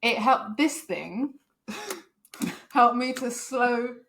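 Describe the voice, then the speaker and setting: A young woman co-hosting a casual podcast chat, telling a rambling story quickly and laughing often. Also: fairly high pitch, expressive, fairly bright tone, a little hiss or hum. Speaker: podcast co-host.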